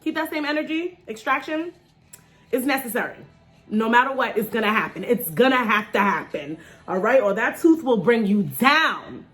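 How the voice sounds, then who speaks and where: A woman in her thirties chats straight to camera in a casual vlog, joking through her nerves before a dental procedure. Her voice sits a little high, and she keeps the talk loose and personal, swinging between wry jokes and pep talk. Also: normal speed, faint music behind. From New York. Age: 30s. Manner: chatty and joking, lively swings in pitch. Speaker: vlogger.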